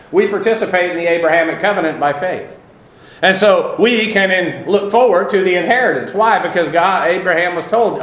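A man's voice: sits high, a bit bright, roomy sound, low-quality recording. A man teaching a Bible lesson as a sermon, talking in a loose conversational way with fillers and small laughs.

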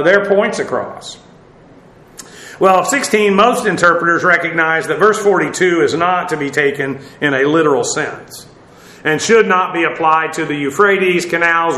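A man's voice: fairly high pitch, bright, forceful tone. Rambling man teaching scripture, echoey room. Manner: rambling, conversational, frequent fillers and restarts. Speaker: Bible teacher. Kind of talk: informal Bible study teaching.

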